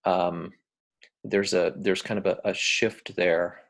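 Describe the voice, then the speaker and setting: Low, creaky-voiced American man lecturing. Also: slow. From United States. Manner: relaxed, hesitant, many ums and uhs. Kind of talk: recorded lecture on accents.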